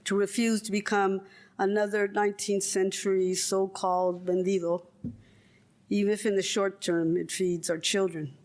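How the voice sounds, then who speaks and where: An older woman from California reads a prepared lecture in a measured, rhetorical way and breaks off for wry, joking asides. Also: medium pitch, little pitch movement, a little mellow. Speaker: guest lecturer.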